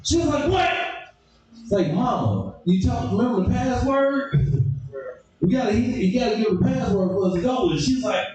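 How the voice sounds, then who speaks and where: Animated man telling stand-up stories, echoey. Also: normal speed, distant mic. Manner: animated, acts out characters with sudden shouted high squeals. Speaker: stand-up comedian. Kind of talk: stand-up storytelling.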